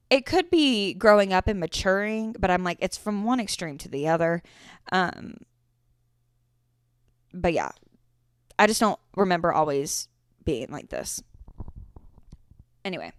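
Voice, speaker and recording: A woman's voice: on the low side, lively intonation, a little slow, pauses often, smooth, no room sound, clean studio sound. A woman in her twenties hosting a casual solo podcast, telling stories in a chatty, swearing way. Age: 20s. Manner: chatty storytelling with frequent swearing. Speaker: podcast host.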